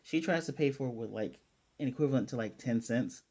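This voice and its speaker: A man's voice: mid-range voice, fairly quick, a little mellow. A man casually recapping an anime episode as a reviewer, rambling with lots of fillers and restarts.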